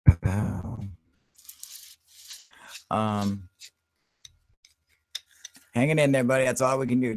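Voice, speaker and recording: A man's voice: fairly low pitch, vocal fry, a little mellow, dry recording. Profane, easygoing man hosting a live chat. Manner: loose, heavily profane, narrates his computer actions aloud. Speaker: live stream host.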